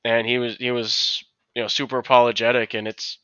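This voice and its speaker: Man, casual podcast storyteller, rambling, smooth bright voice. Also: mid-range voice, level tone, a little fast, no echo, dull audio. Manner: rambling, full of restarts and acted-out quotes. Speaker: podcast co-host.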